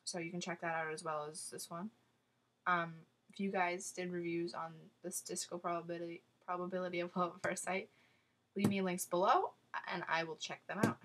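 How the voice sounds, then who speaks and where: A woman with a lowish voice chats through a book review straight to her camera. She gushes and rambles, full of ums and restarts. Faint hiss sits under her voice. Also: steady tone, moderate pace, fairly bright tone. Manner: gushing and talkative, with many fillers and restarts.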